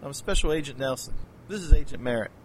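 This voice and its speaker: An actor playing a special agent with a dry wit who turns stern in the interrogation room. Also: male voice, mid-range voice, fast talker, slight background noise, lightly acted.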